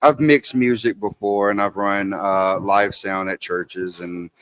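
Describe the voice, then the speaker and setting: A man co-hosting a casual podcast, who explains things in a calm, measured way. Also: on the low side, smooth. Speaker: podcast co-host.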